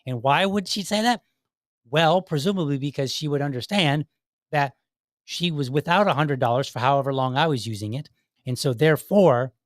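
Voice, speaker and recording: A man's voice: a little high, no echo, clean studio sound. A man hosting a podcast, commenting sarcastically on clips and acting out imagined back-and-forth dialogue. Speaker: podcast host.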